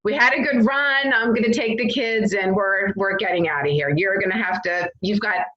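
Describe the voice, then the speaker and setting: A woman's voice: mid-range voice, moderate pace, a bit bright, muffled recording, lightly acted. A woman voicing her imagined husband bluntly announcing he is leaving. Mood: resigned.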